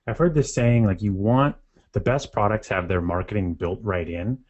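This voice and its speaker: A man's voice: lowish voice, normal speed, darkish tone. A man co-hosting a webinar, explaining a product in an upbeat, explanatory way. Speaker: company representative, co-host. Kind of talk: webinar talk. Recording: muffled lo-fi audio.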